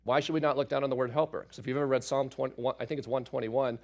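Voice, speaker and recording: A man, a father, teaching through a Bible passage in a relaxed, conversational way, with asides and fillers as he explains. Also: mid-range voice, very fast. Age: adult parent.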